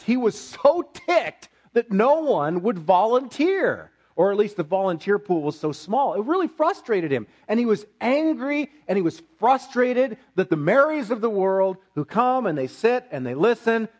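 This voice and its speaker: A pastor delivers a sermon with an animated, lively voice that rises and falls a great deal. He sits a little higher in pitch than most men and leans on repetition to drive points home. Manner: animated preaching, repeats key phrases for emphasis.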